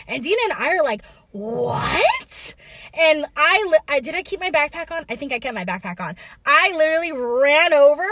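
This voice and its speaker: A woman's voice: high-pitched, a bit bright, no echo. A young woman telling a story in casual chat, acting out quotes with many fillers.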